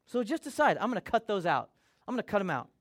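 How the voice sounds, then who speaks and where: High-voiced preaching pastor, man. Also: big pitch swings, quick pace. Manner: conversational preaching, acts out quoted voices. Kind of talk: sermon.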